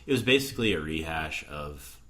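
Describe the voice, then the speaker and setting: A man's voice: a bass voice, lively intonation, a little fast, a bit bright. A man co-hosting a casual movie review podcast, laid-back and agreeable, often laughing along. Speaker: podcast co-host.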